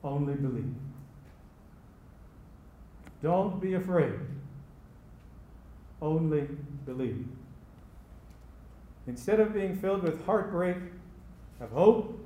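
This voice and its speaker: A man preaching a sermon as pastor, slow and emphatic, repeating key phrases. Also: sits high, warm tone. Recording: echoey room with faint ambience.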